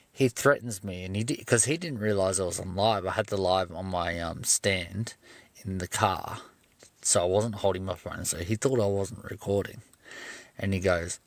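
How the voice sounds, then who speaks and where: A man's voice: deep voice, normal speed, creaky, no room sound. A young man telling a story casually and with plenty of swearing on a livestream from his parked car. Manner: profane, animated storyteller.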